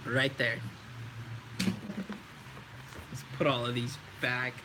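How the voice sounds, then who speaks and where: A man's voice: mid-range voice, animated, drawn-out words, background noise. A man in his twenties, a voice actor, chatting casually on a live stream and answering viewer questions in a laid-back way.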